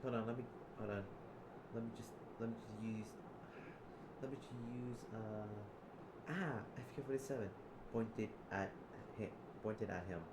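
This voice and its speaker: A man improvising role-play narration, halting and repeating his words as he goes. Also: on the low side. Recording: roomy, noisy background.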